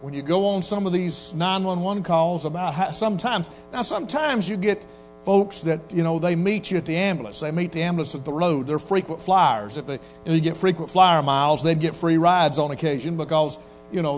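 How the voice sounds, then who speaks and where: A man's voice: on the high side, fairly quick, soft background music. A man preaching a sermon in a folksy, storytelling way, acting out quotes. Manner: folksy Southern preacher, acts out quotes in voices. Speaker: pastor.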